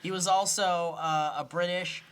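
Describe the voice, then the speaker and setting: A woman's voice: on the low side, fairly even intonation, a little slow, clear, resonant tone. A woman hosting a casual panel chat, playful and laughing as she talks. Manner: playful, laughs while talking. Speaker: show host.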